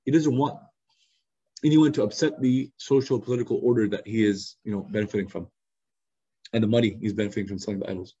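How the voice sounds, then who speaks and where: A man teaching a youth study circle in a lively, conversational storytelling style, acting out quotes over a video call. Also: on the low side, fast talker, breathy edge. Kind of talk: casual storytelling lesson. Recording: slightly muffled lo-fi recording.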